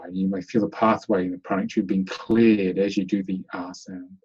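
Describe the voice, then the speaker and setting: A man leading a guided meditation in an online webinar, giving slow, soothing instructions. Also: low voice, flat delivery, darkish tone, husky, lo-fi sound. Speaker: meditation teacher.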